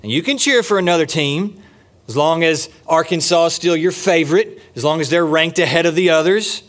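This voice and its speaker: A man preaches a sermon from a church pulpit. His delivery is emphatic, climbing high on key points and slowing to a low, deliberate tone when he stresses a phrase. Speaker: pastor. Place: church sanctuary.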